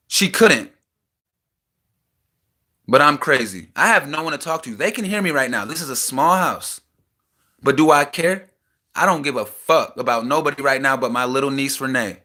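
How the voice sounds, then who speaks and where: A young man in a small house, venting a raw personal rant that swings between heated outbursts and quieter reflection. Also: medium pitch, animated, a little slow, long pauses. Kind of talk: emotional personal rant to camera.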